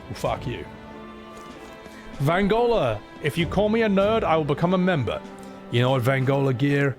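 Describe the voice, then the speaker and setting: A man's voice: mid-range voice, very animated, moderate pace. A young man giving chatty, swearing let's-play commentary while talking to his chat. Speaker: streamer. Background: game music.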